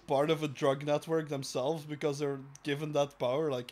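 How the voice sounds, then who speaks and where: A man's voice: a little high, level tone, normal speed, a little mellow. A man hosting a crude comedy podcast, swearing a lot, laughing often and mocking people in put-on voices. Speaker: podcast host.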